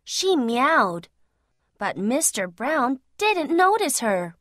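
A woman reads a children's picture book aloud, slow and clear. Her slightly high voice rises and falls a lot, and the recording is close and dry. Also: very animated, fairly bright tone, no echo. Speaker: storyteller. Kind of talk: reading a children's storybook aloud.

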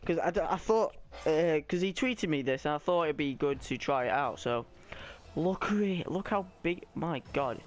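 A young man giving live, excitable commentary on his own gameplay, often shouting and squealing as his voice cracks high. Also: normal speed. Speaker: gaming YouTuber.

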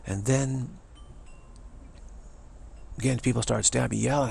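A man's voice: medium pitch, steady tone, normal speed, creaky, a little mellow, breathy edge. A man, a spiritual teacher, telling a personal story and acting out what other people said.

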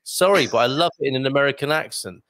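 Male host, playful, chatty, mid-pitched voice, dry close recording. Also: quick pace, creaky, fairly bright tone, no echo. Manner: chatty, playful, reads viewer comments aloud. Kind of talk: casual livestream chat.

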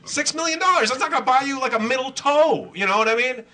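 A man's voice: extremely high pitch, quick pace, hardly any pauses, sharp tone. A middle-aged man emceeing a comedy show, rambling through self-mocking, profane bits and crowd work.

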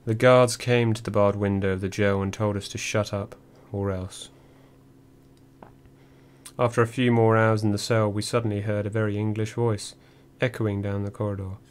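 A man reading a first-person memoir audiobook in a measured, dry storytelling manner. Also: on the low side, flat delivery, clear, resonant tone. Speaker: audiobook narrator.

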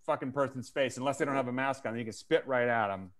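A man's voice: medium pitch, fast, a bit bright. A man doing stand-up comedy on a video call, rambling through profane, goofy riffs with lots of swearing.

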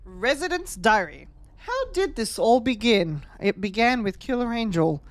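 A woman streaming a game, chatting with viewers and cursing loudly at enemies as she plays. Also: fairly high pitch, sing-song, measured pace. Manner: profane, trash-talks enemies while playing; chats with viewers between fights. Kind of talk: live gameplay commentary.

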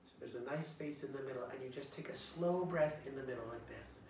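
Gentle man leading a kids' singalong. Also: mid-range voice, brisk, a little hiss or hum. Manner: gentle, encouraging, playful with children. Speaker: children's music teacher. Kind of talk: online children's singalong and lesson. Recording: roomy echo, distant from the mic, guitar.

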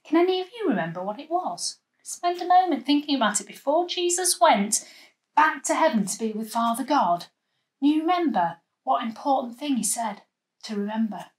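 A woman leading a children's church session, telling a Bible story with lively voices and asking the children at home to join in. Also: high voice, normal speed. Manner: animated, acting out the story with voices and gestures.

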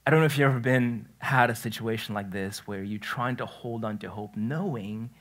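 A man pastor delivers a relaxed, conversational sermon in a church, with a voice of ordinary middle pitch. He tells stories in a chatty way, restarts his phrases often and slips into loose, everyday talk. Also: moderate pace. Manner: storytelling, chatty, self-correcting, laughs at his own story. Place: church sanctuary.

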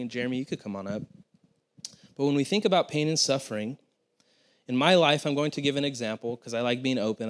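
A young man, a pastor, giving a sermon in an earnest, conversational way, with frequent restarts and asides to the congregation. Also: mid-range voice.

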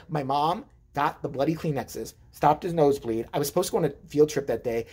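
A woman vlogger telling childhood stories in a casual, profane, animated way, acting out voices with big jumps in pitch. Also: brisk, few pauses, husky. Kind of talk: casual storytelling.

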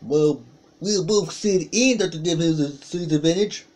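A man doing play-by-play commentary on a wrestling match, calling out moves with excited exclamations. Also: a little high, a little slow.

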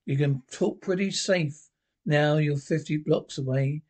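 A man's voice: on the high side, measured pace, darkish tone. A man reading a TV script aloud, voicing a bitter, brash jockey who sneers at himself, in a solo script reading. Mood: bitter, sneering. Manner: snarling, self-mocking, brash. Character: bitter, banned little male jockey.

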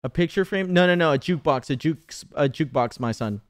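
This is casual live-stream chatter while gaming from a man in his twenties, full of profanity, teasing and laughter. He speaks briskly in a slightly high voice with lively intonation.

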